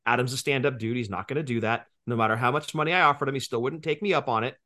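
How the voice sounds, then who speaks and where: A man's voice: mid-range voice, very fast, pushed and bright. A man in his forties co-hosting a podcast, joking and profane in casual banter, explaining things at length. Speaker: podcast co-host.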